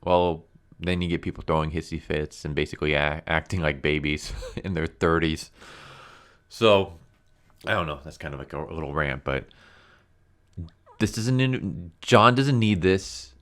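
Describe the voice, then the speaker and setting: Low-voiced man ranting about comics. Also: measured pace, fairly bright tone. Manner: exasperated, blunt, lots of "like" and "you know". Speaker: comic book reviewer. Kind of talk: casual ranting review.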